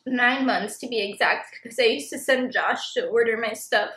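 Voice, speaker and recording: A young stay-at-home mom talks candidly to her viewers, chatting to camera in a confessional style packed with "like" fillers. Her voice is a little high and a bit bright, at a normal speed, and the recording has a roomy echo.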